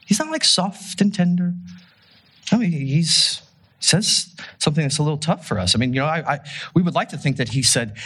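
A man preaching a casual, conversational sermon, telling a story with rhetorical questions and an animated delivery. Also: on the high side, fairly quick, husky. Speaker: pastor.

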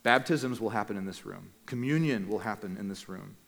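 Earnest pastor preaching in a reverberant hall. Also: male voice, fairly low pitch, creaky. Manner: measured, earnest delivery with slow emphatic phrases. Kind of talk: sermon. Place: church meeting room.

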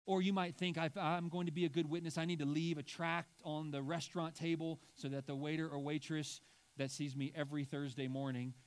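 A man preaching a sermon as pastor, stressing key words and slowing down for emphasis. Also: on the high side, flat delivery, clear, resonant tone.

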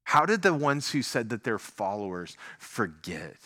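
A man preaching a sermon in a conversational, animated way, full of rhetorical questions. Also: mid-range voice, unhurried.

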